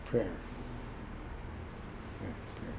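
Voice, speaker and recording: A man, a pastor, leading a slow prayer and blessing in short repeated phrases. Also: roomy sound, very noisy. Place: church hall.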